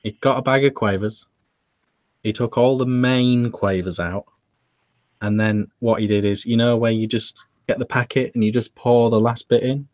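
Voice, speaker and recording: A British man co-hosting a casual chat show, telling jokey stories in a relaxed way with fillers. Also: mid-range voice, normal speed, no room sound. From United Kingdom. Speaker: podcast co-host.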